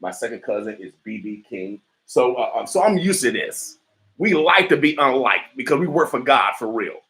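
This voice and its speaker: A man's voice: mid-range voice, big pitch swings, normal speed, a bit bright, rough recording. A man hosting a community radio morning show, talking in a fired-up, emphatic way with many stammers and fillers, with an Omaha accent. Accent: Omaha, Nebraska. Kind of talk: fired-up talk radio commentary.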